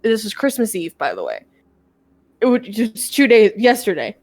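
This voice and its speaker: A woman's voice: medium pitch, huge pitch swings, moderate pace, darkish tone. A young woman chatting casually on a game stream, telling a long story in a rambling way and swearing often. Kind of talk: casual chat.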